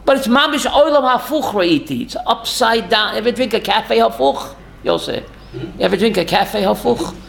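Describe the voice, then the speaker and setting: A man's voice: sits high, expressive, moderate pace, vocal fry, fairly bright tone, slight background noise. A man giving a rabbi's Torah class, emphatic, firing rhetorical questions and calling on listeners by name.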